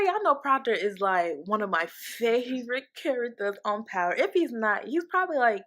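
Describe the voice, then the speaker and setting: A woman casually recapping a TV episode in a candid, profane and animated way. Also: on the high side, normal speed, hardly any pauses. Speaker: TV show recap vlogger.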